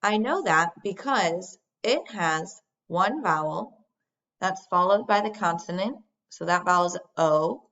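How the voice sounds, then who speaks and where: A woman teacher giving a recorded phonics lesson, speaking slowly and deliberately as she models sounds for young children. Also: lowish voice, a bit bright. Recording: dull lo-fi sound.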